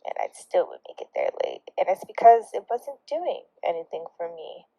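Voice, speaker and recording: A woman's voice: on the low side, huge pitch swings, moderate pace, gravelly, slightly rough, no room sound. A young woman vlogger telling a story in a casual, sarcastic way, laughing and dropping into whispered asides. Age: young adult. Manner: drops into hushed, whispery remarks. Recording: dry, dull lo-fi recording.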